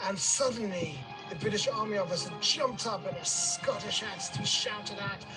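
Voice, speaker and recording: A man with a high voice narrates a vivid, dramatic story while guiding a tour. He speaks outdoors on a hillside. Clear music runs underneath his voice. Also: moderate pace, low-quality recording. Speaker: tour guide. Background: background music.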